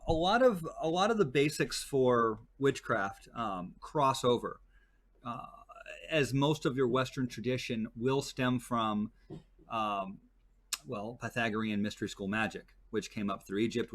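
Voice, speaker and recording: A man's voice: medium pitch, fairly bright tone. Rambling man telling stories as a guest. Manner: rambling storyteller, many fillers and restarts. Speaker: guest, desert tour guide. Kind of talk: casual chat.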